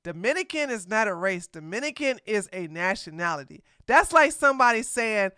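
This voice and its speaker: A woman's voice: mid-range voice, sing-song, a little fast, few pauses, bright, forceful tone, clear, resonant tone, no echo, clean studio sound. A woman hosting casual reaction commentary. She is blunt and sassy and laughs often. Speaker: commentary host.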